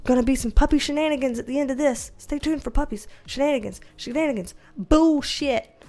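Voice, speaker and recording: A woman's voice: high-pitched, brisk, a little mellow. A woman, a tarot reader chatting casually to her viewers in a loose, repetitive way. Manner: chatty, loose and repetitive, talks baby-talk to a puppy. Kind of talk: casual vlog chat.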